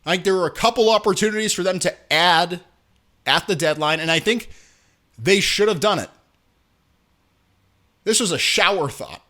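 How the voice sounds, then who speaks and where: A man hosting a sports talk show, giving opinionated commentary in an animated, sarcastic rant. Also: high voice, moderate pace, pauses often.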